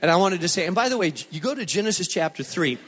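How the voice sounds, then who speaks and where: A middle-aged man preaching a sermon as a pastor, telling stories with animated, emphatic repetition. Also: high voice, quick pace. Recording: long reverb of a large hall.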